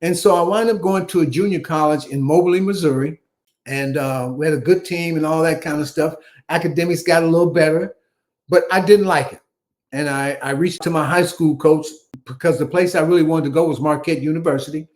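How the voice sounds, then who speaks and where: Speaking briskly in a fairly high voice, a Chicago man in his seventies, once a basketball player, recounts his life as an interview guest. He is an animated storyteller who performs all the dialogue.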